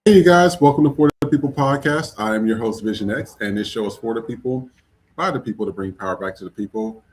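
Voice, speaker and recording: A man's voice: medium pitch, fast talker. A man hosting a live podcast stream, chatty and upbeat, with frequent fillers. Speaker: podcast host. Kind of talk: casual live-stream chat.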